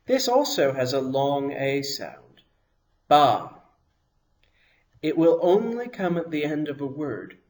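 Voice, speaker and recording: A man teaching a language lesson, explaining each sound patiently and pronouncing examples slowly and carefully. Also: on the high side, very animated, darkish tone.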